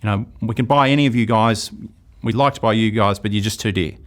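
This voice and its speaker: A man's voice: fairly low pitch, fast talker, natural voice. A man voicing a blunt male finance chief who is turning down a price. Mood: dismissive.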